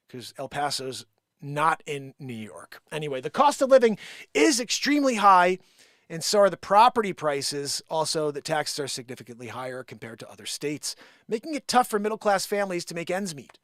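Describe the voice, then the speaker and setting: A man hosting a live comedy stream, reading an article aloud and cutting in with sarcastic, mocking jabs. His voice sits high and leaps all over the place. The sound is dry and close. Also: big pitch swings, normal speed, fairly bright tone, no echo.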